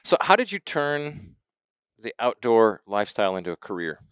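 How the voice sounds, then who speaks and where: A man's voice: on the low side, big pitch swings, normal speed, fairly bright tone, clean tone, no room sound, clean studio sound. A man hosting a podcast, interviewing his guest in an easygoing, agreeable way. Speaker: podcast host. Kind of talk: casual podcast conversation. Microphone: studio podcast mic.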